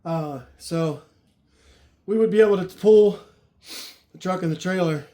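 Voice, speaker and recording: Unloading car parts from a trailer in the cold outdoors, a man with a high, warm voice chats casually about what he's doing, winded and pausing for breath as he lifts and hauls. The recording comes from a distant camera, echoey with clear noise.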